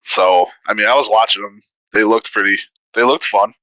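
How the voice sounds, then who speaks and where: Deadpan man, bright dry voice. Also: lowish voice, normal speed, dry recording, low-quality recording. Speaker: podcast co-host. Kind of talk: casual chat about sim racing.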